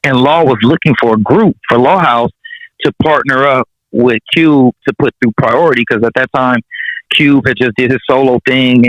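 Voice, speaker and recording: Laid-back Los rapper telling stories. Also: male voice, mid-range voice, a bit bright, no room sound. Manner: laid-back, slangy and profane, chuckling through anecdotes. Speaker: rapper guest. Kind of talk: casual storytelling interview. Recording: dull, dry sound.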